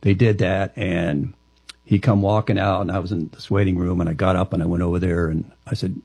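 A man telling a personal story to an interviewer, halting and often restarting his sentences. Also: deep voice, little pitch movement, vocal fry, warm tone, slightly rough, no echo. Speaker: interview guest.

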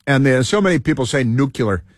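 In a dry, studio-quality recording, a male radio host rambles through an opinion monologue, digressing, stumbling, repeating himself and leaning on fillers. His mid-range voice is slightly rough, fairly quick and lively in intonation.

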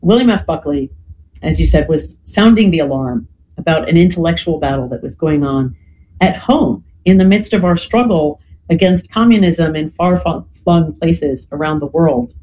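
A podcast guest from the United States explaining history in a measured, lecturing way, often checking in with "right?" and "you know". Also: mid-range voice, animated, warm tone, a little hiss or hum, poor audio.

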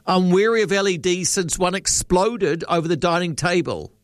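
A man hosting talkback radio with a slightly high voice, musing and unhurried, often trailing off into questions. His sound is dry and close, with no room around it. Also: no room sound. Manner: relaxed, musing, hesitant with ums and trailing questions. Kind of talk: late-night talkback radio chat.

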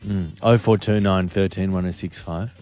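A man co-hosting a radio show from a studio, teasing his partner and firing back quick reactions. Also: low-pitched, fairly even intonation, a little mellow, soft background music. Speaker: radio co-host. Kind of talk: breakfast-radio banter. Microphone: studio microphone.

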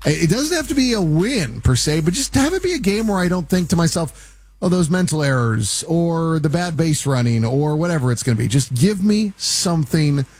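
A man's voice: sing-song, moderate pace, darkish tone, husky, dry recording. A man, a sports radio host chatting casually as he wraps up his show, a little nasal in tone. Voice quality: nasally deep voice. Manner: chatty, self-deprecating, plugging.

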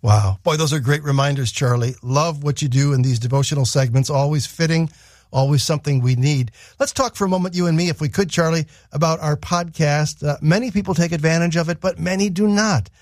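A man's voice: a little high, fairly quick, darkish tone, dry recording, studio quality. A man co-hosting a radio program, giving friendly, conversational announcements.

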